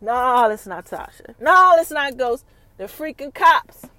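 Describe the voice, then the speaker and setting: A woman's voice: high voice, a little slow. A woman hosting a podcast, recapping a TV episode in casual, slangy chat and hyping suspense for her listeners. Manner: animated, hyping suspense with repeated questions to listeners; slangy, colloquial storytelling. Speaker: podcast host reviewing a TV episode.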